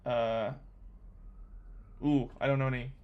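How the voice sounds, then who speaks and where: Excitable young man thinking aloud. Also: mid-range voice, takes it slowly, lo-fi sound, slight background noise. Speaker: coding vlogger. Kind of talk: casual screen-recorded coding commentary.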